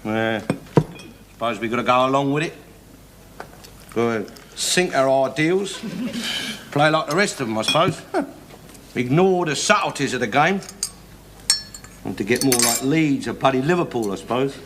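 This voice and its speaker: A man's voice: medium pitch, animated, normal speed, pauses often, background noise, natural voice. An actor playing a bigoted, blustering middle-aged working man with a London accent, in a 1970s studio sitcom with audience laughter. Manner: loud, blustering, swears constantly, argues stubbornly.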